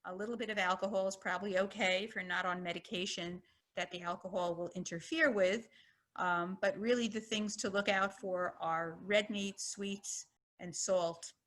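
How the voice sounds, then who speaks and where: This is a woman physician delivering a public lecture on health. Her voice is bright and forward. She explains in a friendly, conversational way, now and then slipping into a short personal story. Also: mid-range voice, steady tone, moderate pace. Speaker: physician giving a health talk.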